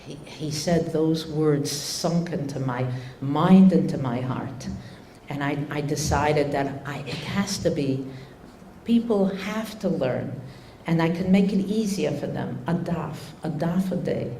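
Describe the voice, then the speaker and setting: Older woman, low mellow voice, storytelling talk, many fillers and restarts, echoey room. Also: a little hiss or hum. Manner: unhurried, with frequent fillers and restarts. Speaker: speaker giving a religious talk.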